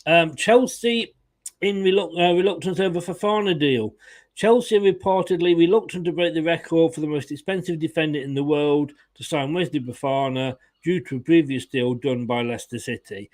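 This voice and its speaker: A man's voice: a little high, fairly quick, a little mellow. A man hosting a casual fan live stream, chatting, laughing and greeting viewers in the chat. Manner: chatty, laughs often, reads viewer comments aloud. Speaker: fan channel host.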